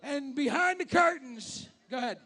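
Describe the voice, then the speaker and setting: A man co-hosting an outdoor ceremony, joking and shouting out thanks to the crew. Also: very high voice, animated, moderate pace.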